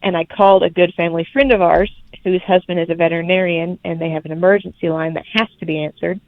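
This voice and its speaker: A young woman, telling her birth story as a podcast guest in lively, laughing casual chat. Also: fairly low pitch, fast talker, no room sound. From Alabama, USA. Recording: tinny phone-like remote line.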